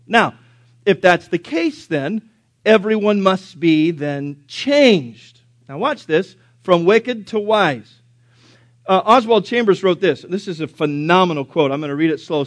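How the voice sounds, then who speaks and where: A man preaching a sermon, emphatic and questioning his listeners, rising loud and dropping to a hush. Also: a little high, moderate pace, no echo. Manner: emphatic, questions the congregation, swings from loud to hushed.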